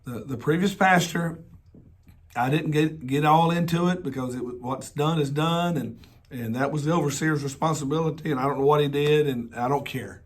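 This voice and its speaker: Hoarse Southern pastor telling stories. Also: male voice, fairly high pitch, moderate pace. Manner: folksy, joking asides and repeated rhetorical questions. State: hoarse from laryngitis. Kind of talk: personal storytelling sermon.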